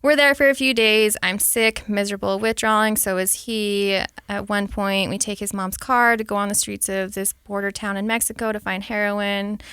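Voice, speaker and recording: A woman in her late twenties speaks frankly as a podcast guest, reflecting openly on her past. Her voice is smooth and clean. The sound is dry and close, with no room behind it. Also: medium pitch, fairly even intonation, normal speed, hardly any pauses, fairly bright tone, dry recording. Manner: frank, reflective, reenacts her own thoughts. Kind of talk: candid personal storytelling.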